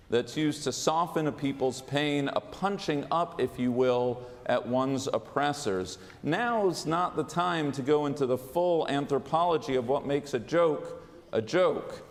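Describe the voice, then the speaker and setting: Rabbi preaching in a reverberant sanctuary. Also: male voice, on the high side. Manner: measured, deliberate delivery with dry humor. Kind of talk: sermon. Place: large synagogue sanctuary. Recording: long reverb of a large sanctuary.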